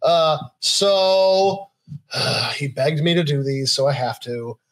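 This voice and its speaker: A young man hosts a loose, casual live chat. His voice sits a little high, and he reads news items aloud in a relaxed way, trailing off into fillers and easy laughter. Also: slow, low-quality recording. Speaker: podcast host.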